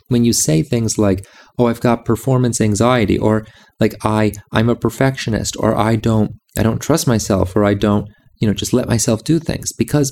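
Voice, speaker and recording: Gravelly, dark-voiced man teaching intently. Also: medium pitch, a little hiss or hum. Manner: insistent, repetitive phrasing. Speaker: music and meditation teacher. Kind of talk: reflective monologue.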